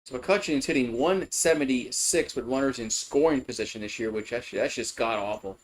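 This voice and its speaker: Casual male play-by-play caller, mid-range voice, chats with viewers between pitches. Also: moderate pace, a little hiss or hum, poor audio. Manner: chatty, loose, greets chat viewers between pitches. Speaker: play-by-play commentator. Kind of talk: casual live baseball commentary.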